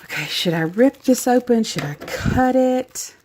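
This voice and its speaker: Speaking unhurriedly in a slightly high, slightly mellow voice with lively intonation, a woman with a Southern US accent chats as she unboxes a craft gift package. She gushes and laughs at herself, and a little hiss or hum sits in the background.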